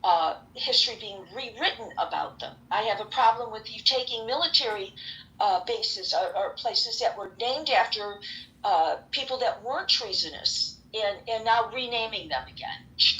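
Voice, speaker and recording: A woman's voice: fairly high pitch, sharp tone, rough recording. A woman making a firm point in a casual discussion, repeating herself for emphasis. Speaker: speaker in an audio chat room.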